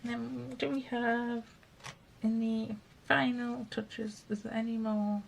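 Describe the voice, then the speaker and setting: A woman's voice: fairly high pitch, takes it slowly, creaky, slight background noise. A woman hosting a craft video, chatting and thinking aloud while she works. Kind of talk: casual craft narration.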